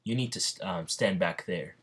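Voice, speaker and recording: A man voicing a cool, aloof male demon king in a flat, offhand read. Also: low voice, moderate pace, breathy edge.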